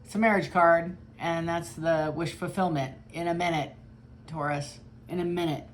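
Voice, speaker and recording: Low-pitched woman tarot reader, blunt and chatty, faint background hiss. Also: steady tone, normal speed. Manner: chatty, blunt, swears freely. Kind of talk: casual tarot reading.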